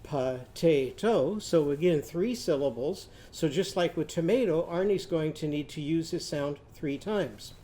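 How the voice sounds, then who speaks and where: A man with a fairly high, mellow voice leads a literacy lesson for young children. He stretches out speech sounds and syllables so the class can copy them, then invites everyone to repeat after him. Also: normal speed, few pauses. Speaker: teacher.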